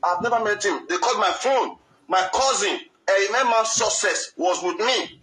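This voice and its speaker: Nigerian guy pleading his case, high voice, bright sharp tone. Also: lively intonation, normal speed, soft background music, rough recording. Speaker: guest telling his story. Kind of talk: earnest storytelling in English and Pidgin.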